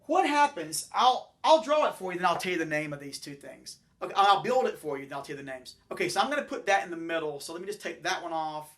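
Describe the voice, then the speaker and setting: A man with a somewhat high voice gives a chemistry lesson at the chalkboard. He rambles and corrects himself as he goes, talking through his drawings and models in a loose, unscripted way. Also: big pitch swings, quick pace, few pauses, fairly bright tone. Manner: rambling, self-correcting, talks while building models. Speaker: chemistry teacher. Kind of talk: classroom lecture with chalkboard and models.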